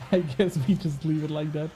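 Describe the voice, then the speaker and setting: A young man streams a game, chatting casually and bantering with his chat, cursing now and then. His voice is a little high, with a steady, mellow tone and an unhurried pace, and there is slight background noise.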